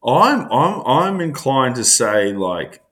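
A man, co-hosting a podcast in relaxed, laughing banter that often repeats its words. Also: mid-range voice, slow. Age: 30s. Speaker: podcast co-host. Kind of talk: casual chat.

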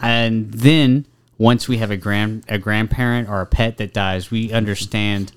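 A man's voice: fairly low pitch, steady tone, unhurried, clear, resonant tone. A man on a podcast, thinking aloud and adding jokey asides. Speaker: podcast co-host. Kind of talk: casual discussion.

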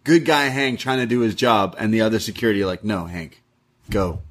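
A man's voice: medium pitch, fast. Upbeat joking man co-hosting a podcast. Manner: upbeat, joking, laughs often. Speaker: podcast co-host. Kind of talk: casual wrestling review chat.

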